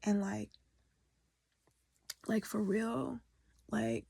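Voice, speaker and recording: Woman, educator vlogger; very husky, fry-laden voice; emotional, candid, swears, half-whispers; dry close sound. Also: mid-range voice, big pitch swings, very slow, warm tone, no room sound. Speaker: educator and artist. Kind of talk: raw confessional vlog.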